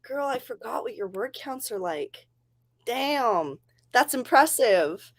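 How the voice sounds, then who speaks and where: A woman's voice: on the high side, expressive, takes it slowly. Chatty woman hosting a writing stream. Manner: chatty, rambling, laughs often. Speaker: livestream host. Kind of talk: casual livestream chat.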